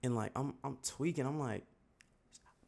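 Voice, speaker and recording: Fast and gravelly with a slightly mellow quality, a fairly low-pitched young man with a Southern US accent rambles through a casual story. He is a YouTuber, and his telling is slangy and stuffed with filler words.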